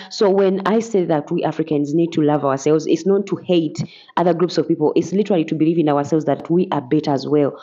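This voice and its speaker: A woman's voice: low voice, mellow, dull audio. A woman hosting a reaction video, giving earnest, reflective casual commentary, often saying "like". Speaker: reaction channel host.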